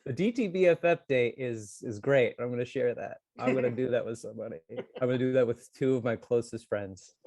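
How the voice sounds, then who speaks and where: A man co-hosting a comedy podcast in casual banter, excitable and teasing, his voice leaping up whenever a joke lands. His pitch sits in an ordinary middle range, and the sound is dry and close with no room around it. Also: brisk, few pauses, no room sound. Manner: excitable, teasing, jumps up in pitch when joking. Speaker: podcast co-host. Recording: dry close mic on video call.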